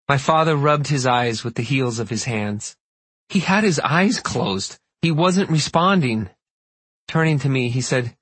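Husky male audiobook narrator. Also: medium pitch, moderate pace, a bit bright, dry recording. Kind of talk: audiobook narration, first person.

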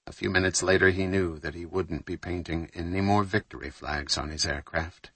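Deep-voiced male narrator, slightly husky, measured and steady read for a thriller audiobook. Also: no echo. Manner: measured, steady reading with lightly voiced dialogue.

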